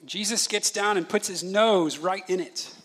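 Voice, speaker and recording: Male pastor, 30s, high bright voice, animated sermon delivery with acted-out voices. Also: moderate pace. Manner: animated storytelling, acts out voices of his children.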